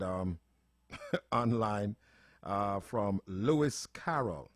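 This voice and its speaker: A man's voice: lowish voice, takes it slowly, no echo, clean studio sound. A man hosting a casual afternoon radio show, bantering and laughing with his producer. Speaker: radio host.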